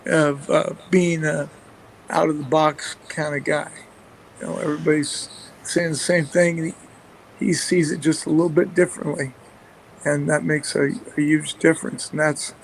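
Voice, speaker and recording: A male football coach with a gravelly, somewhat high voice tells rambling stories about his staff, with plenty of fillers and restarts. His pitch stays flat and even, and a faint hiss sits under the recording. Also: poor audio. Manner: rambling, many fillers and restarts, chuckles often. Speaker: football coach and play caller. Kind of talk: casual anecdotes in a radio interview.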